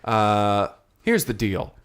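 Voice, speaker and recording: A man's voice: lowish voice, very animated, takes it slowly, clean tone. A young man co-hosting an improvised comedy podcast, telling the story with many restarts and playful put-on voices. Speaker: podcast co-host.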